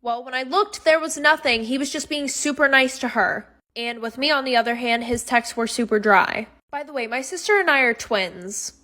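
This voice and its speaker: A woman's voice: high voice, moderate pace, few pauses, bright, forceful tone. A young woman telling a personal storytime in a chatty, wry way.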